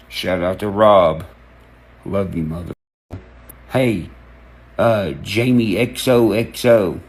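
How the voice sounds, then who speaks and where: A man, ranting excitedly to camera, cursing and jumping from one topic to the next as he acts out quotes. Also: lowish voice, unhurried, long pauses, slightly rough. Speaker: online creator. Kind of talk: rambling rant to camera.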